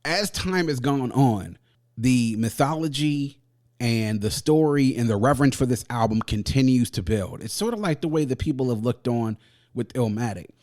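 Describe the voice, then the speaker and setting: A man hosting a music review podcast, talking in a casual, slangy, animated way and laughing often. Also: mid-range voice, normal speed.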